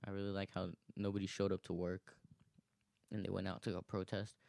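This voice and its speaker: Low-voiced rambling young guy, dry sound. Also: flat delivery, a little fast, gravelly, a little mellow, no room sound. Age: 20s. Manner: rambling, swears a lot, laughs often. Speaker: podcast host. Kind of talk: casual solo monologue.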